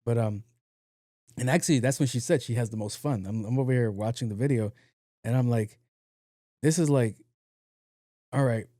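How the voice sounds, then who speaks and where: A man's voice: mid-range voice, moderate pace, pauses often, dry recording, studio quality. A young man hosting a podcast, telling a story in a casual monologue, acting out both sides of a conversation and swearing freely. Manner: animated, acts out dialogue, swears freely. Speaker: podcast host.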